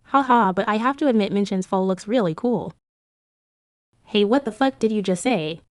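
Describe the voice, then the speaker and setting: Woman narrator, comic recap voice-over, even delivery, dry close sound. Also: mid-range voice, normal speed, no room sound.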